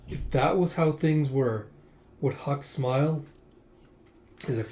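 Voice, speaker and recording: A man's voice: mid-range voice, normal speed, long pauses, a little mellow, slight background noise. A man casually reading through a manga volume, retelling each scene with "he's like" and "she's like.". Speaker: manga reviewer.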